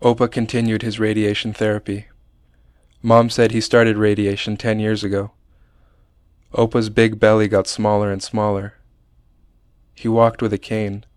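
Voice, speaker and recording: Man reading his memoir out loud, low voice, pretty flat, smooth and dry. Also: no echo. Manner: measured, plain, understated reading. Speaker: narrator. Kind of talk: reading a personal memoir aloud.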